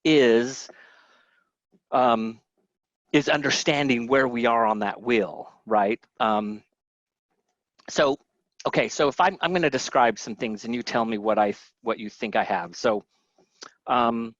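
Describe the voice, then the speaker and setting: A man teaches in a relaxed, conversational way, often restarting his sentences and asking his audience questions. The voice is close and dry, and the sound is slightly muffled, like webinar audio. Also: mid-range voice, measured pace, dry recording. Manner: conversational, many fillers and restarts. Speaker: webinar presenter.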